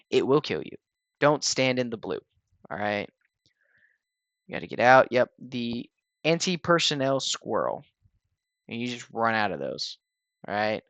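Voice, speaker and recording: A man casually talking viewers through a video game raid fight in a relaxed, rambling way, with lots of fillers and restarts. He sounds a little tired. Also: mid-range voice, creaky, no room sound. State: tired, yawning. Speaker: gaming channel host explaining a raid. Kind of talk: casual gameplay walkthrough voice-over.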